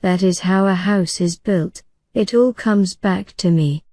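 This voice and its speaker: A woman's voice: medium pitch, measured pace, a little mellow, no room sound, lightly acted. A woman doing a fussy boy playing doctor. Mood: mock-solemn. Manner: hesitant, mock-solemn, hums "eh" and "tut".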